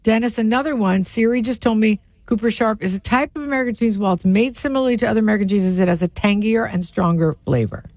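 A woman co-hosts a radio talk show with a teasing, matter-of-fact delivery as she reads out listener messages. Her voice sits in a middle pitch. The studio sound is dry and close. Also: fast talker, hardly any pauses, a little mellow, no echo. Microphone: studio microphone.

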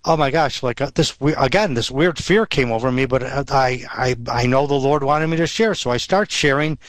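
A man's voice: mid-range voice, moderate pace, no room sound. A man telling a personal faith story in a rambling way, with many restarts and fillers. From Western New York. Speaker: guest sharing testimony. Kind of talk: storytelling testimony.

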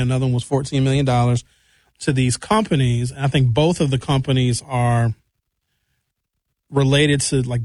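A male host giving casual, opinionated call-in commentary in an animated, joking way. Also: medium pitch, no echo.

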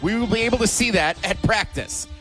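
An energetic male sports radio host with a somewhat high voice, running down his questions with emphatic punch and repeated rhetorical asks. Faint music plays under him in the studio. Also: a little fast. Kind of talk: sports talk radio segment.

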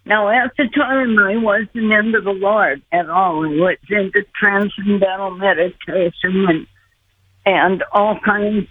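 An older woman telling a personal story slowly and earnestly, calling in to a show. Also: medium pitch, slightly rough. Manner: earnest, acts out her own pleas. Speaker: guest recounting near-death experience. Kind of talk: slow storytelling. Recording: tinny phone line.

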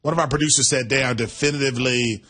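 A laid-back man from Milwaukee co-hosts a sports talk show and laughs easily. His voice is husky but bright, at a middle pitch for a man. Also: fairly even intonation, fast. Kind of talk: casual sports talk chat.

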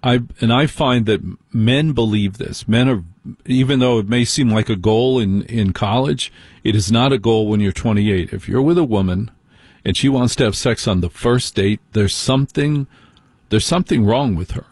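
A man's voice: mid-range voice, normal speed, a little mellow, slightly rough, no room sound, clean studio sound. A man hosting a call-in radio show, giving opinionated dating advice with playful asides. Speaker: radio host.

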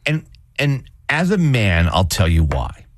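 A male co-host in a comedic casual chat, telling stories in an animated way and acting out scenes. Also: fairly low pitch, measured pace, no echo, studio quality.

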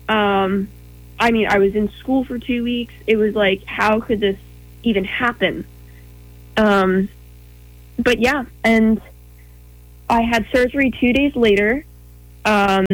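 A woman's voice: medium pitch, no echo, low-quality recording. A young woman telling her own story as an interview guest, earnest, with many ums and quoted thoughts.

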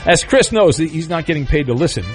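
High-voiced man hosting a radio game. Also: expressive, faint music behind. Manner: quick, teasing, self-deprecating. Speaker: radio host running a survey game. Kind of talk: lively radio game banter.

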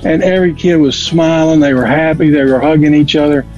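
A radio guest with a slightly high, fairly quick, a little mellow voice makes a casual on-air donation appeal, rambling and often repeating himself. The audio is dull and lo-fi with faint music.

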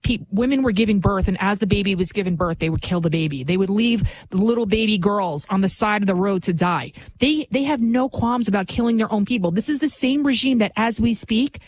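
A woman's voice: medium pitch, fairly quick, hardly any pauses, no room sound, low-quality recording. A woman giving an impassioned political monologue as a commentator, emphatic and repetitive, often tagging lines with a rhetorical "right?".

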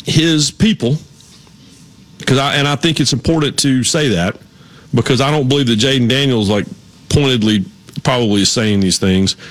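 A man's voice: mid-range voice, a bit bright. A man co-hosting a sports talk show in a studio, telling stories and laughing easily. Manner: rambling storyteller, laughs easily.

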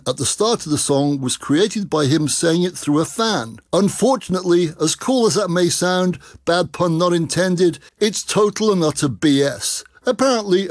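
A man's voice: on the high side, no echo, studio quality. A man hosting a rock music radio show, chatting enthusiastically and jokily between songs.

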